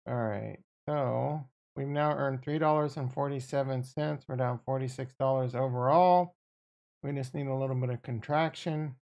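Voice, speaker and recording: Gravelly, excitable livestream man. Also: medium pitch, highs cut off. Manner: excitable, profane, riffing with viewers. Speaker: livestream host. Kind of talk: casual livestream chat about trading.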